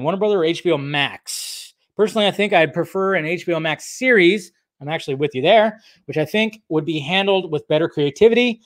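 A man's voice: a little high, no room sound, clean studio sound. A man hosting a casual livestream, reading and answering chat in a rambling, laid-back way. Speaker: YouTube host answering live chat.

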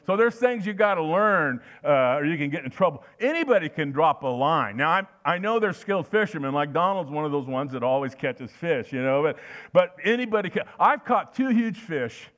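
A man's voice: on the high side, expressive, moderate pace, a bit bright. Folksy older man preaching. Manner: folksy, anecdotal, with restarts. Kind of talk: sermon.

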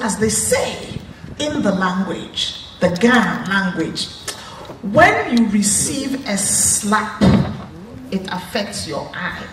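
A woman telling a folktale slowly, with a lilting delivery and chuckling asides. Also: mid-range voice. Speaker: storyteller. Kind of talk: folktale narration. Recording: roomy, distant, faint noise.

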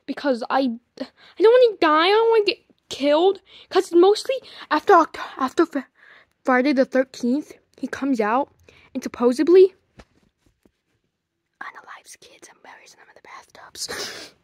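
A man's voice: extremely high pitch, animated, normal speed, no echo, studio quality. A man voicing a whiny grown boy who refuses to shower, in a puppet fan video, with sulky, dragged-out complaints.

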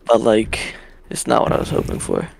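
A man's voice: lowish voice, wildly swooping pitch, moderate pace, gravelly, dry recording. A young man streaming a video game, grumbling and swearing at the game as he plays. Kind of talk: casual gaming stream talk.

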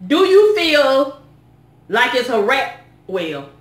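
A woman vlogging in a casual, exasperated rant, talking in a lively, colloquial way. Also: high voice, slow, roomy sound. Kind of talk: casual ranting vlog.

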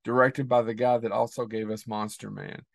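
A man's voice: fairly low pitch, flat delivery, moderate pace, gravelly, dry recording, clean studio sound. A man hosting a movie podcast, upbeat and enthusiastic in casual chat. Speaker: podcast host.

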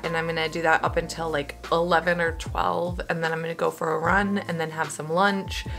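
A woman's voice: deep voice, little pitch movement, moderate pace, vocal fry, hardly any pauses, a bit bright, faint music behind. A young woman sewing vlogger chatting casually at home, rambling with fillers and little laughs. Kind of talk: casual vlog.

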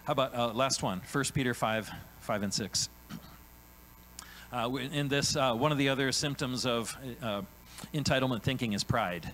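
A man preaching a sermon in a church, animated and conversational, often acting out God's voice and tagging lines with "right?". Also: mid-range voice, normal speed, a little hiss or hum, low-quality recording. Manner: animated, acts out God's voice in quotes, frequent "right?" tags. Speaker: pastor. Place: church sanctuary.

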